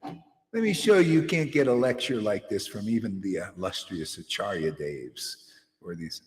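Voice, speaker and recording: A man's voice: on the low side, lively intonation, normal speed. A man giving an informal, confrontational devotional sermon, rambling and often asking "see?" to his listeners. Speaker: preacher. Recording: echoey hall with long reverb.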